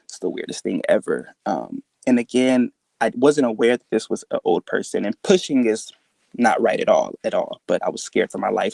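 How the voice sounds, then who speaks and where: A man recounting a frightening personal experience in casual, halting speech, full of fillers and restarts, jumping up in pitch to act out quoted dialogue. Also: creaky, a little mellow, no echo. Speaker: guest telling a personal encounter story.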